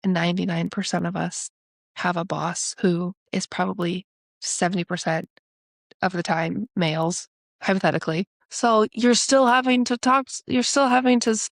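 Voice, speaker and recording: Opinionated creaky-voiced woman co-host. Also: fairly low pitch, normal speed, dry recording, studio quality. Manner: opinionated, animated when making a point. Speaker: podcast co-host. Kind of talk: casual podcast chat.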